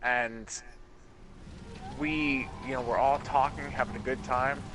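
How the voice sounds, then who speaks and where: A man hosting a game stream, telling a story in an animated way, swearing freely. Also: mid-range voice, a little slow. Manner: animated, swearing, dramatic retelling. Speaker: streamer host. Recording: noisy home stream mic.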